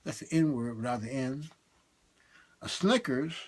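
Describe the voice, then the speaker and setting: A man doing a comic monologue, swinging between high excited bursts and low muttered asides. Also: a little slow. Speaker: stand-up comedian.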